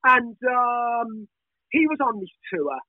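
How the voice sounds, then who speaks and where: A man's voice: very high voice, sing-song, slow pace, no room sound. A middle-aged man with a Birmingham accent, chatting in a hyper, rambling way, swearing a lot and asking "you know what I mean?" over and over. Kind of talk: casual podcast chat. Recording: tinny phone-like line, dry.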